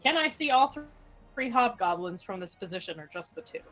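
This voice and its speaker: A woman's voice: medium pitch, expressive, fairly quick, fairly bright tone, faint music behind. A woman playing in a tabletop game, talking casually and chattily with lots of "like"s. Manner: chatty, hedging with many "like"s. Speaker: player.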